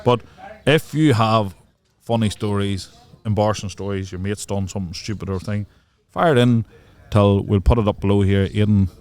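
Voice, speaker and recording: A young adult man, co-hosting a casual podcast and telling stories in an animated way. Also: fairly low pitch, moderate pace, hardly any pauses. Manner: animated storyteller, swearing and laughing. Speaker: podcast co-host. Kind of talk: casual chat.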